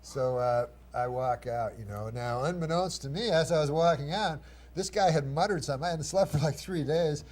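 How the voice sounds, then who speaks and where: A man, a guest comedian, telling a rambling anecdote in a dry, halting way, with chuckles and mimicked voices. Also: fairly high pitch, a little mellow.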